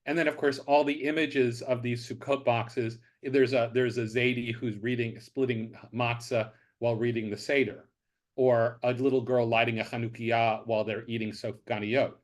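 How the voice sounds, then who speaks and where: A man, a professor, chatting as a guest and telling old jokes, with halting starts before settling into the story. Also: mid-range voice, little pitch movement. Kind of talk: casual conversation, telling jokes.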